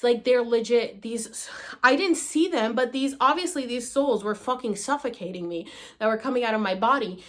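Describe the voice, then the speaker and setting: High-voiced woman telling a wild story. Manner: animated, swears freely, acts out her own cries and gasps. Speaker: vlogger. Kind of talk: casual storytelling to camera.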